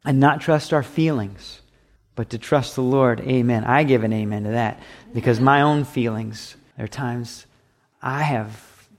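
A man's voice: medium pitch, a little slow. A man preaching a sermon as pastor, emphatic and repetitive, with acted asides.

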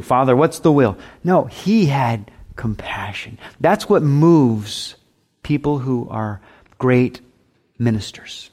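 A man preaching a sermon, swinging from loud emphasis to soft near-whispers and acting out imagined voices in quick asides. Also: mid-range voice.

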